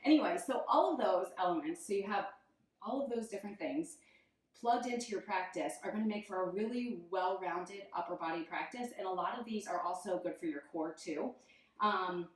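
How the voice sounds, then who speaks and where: A woman's voice: mid-range voice, a little fast. A young woman teaching yoga while doing the poses, chatty and laughing at herself, out of breath as she moves. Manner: giggly, self-deprecating, chatty. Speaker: yoga instructor. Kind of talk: guided yoga instruction while demonstrating. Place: room, instructor moving on a mat. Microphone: camera mic at a distance. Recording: very echoey room, voice from far off.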